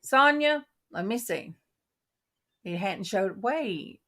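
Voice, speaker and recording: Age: middle-aged. Sex: woman. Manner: folksy, animated storyteller. Style: casual chat. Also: mid-range voice, slow. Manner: folksy, animated storyteller, quoting herself and laughing. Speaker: host of a Christian women's coffee talk panel.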